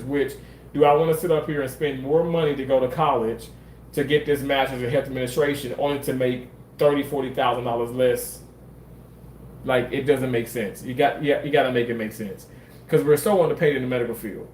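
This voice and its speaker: A man's voice: on the high side, roomy sound, a little hiss or hum, poor audio. A man from Mississippi, telling a personal story in a candid, rambling way and swearing freely. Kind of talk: casual storytelling monologue.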